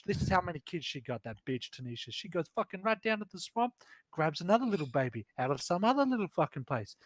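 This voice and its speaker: A man voicing a brash, foul-mouthed woman tavern dancer in a tabletop role-play game, talking loudly and crudely as she rambles. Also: high-pitched, very animated, quick pace, voice pushed up. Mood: brash gossip.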